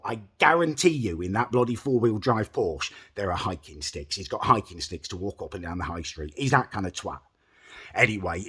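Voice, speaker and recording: A man tells a comic story straight to camera, sweary and exasperated, puffed up with his own importance. His voice has a husky grain. His pitch rises and falls a lot as he talks. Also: a bit bright. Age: adult, older than mid-twenties. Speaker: storytelling host.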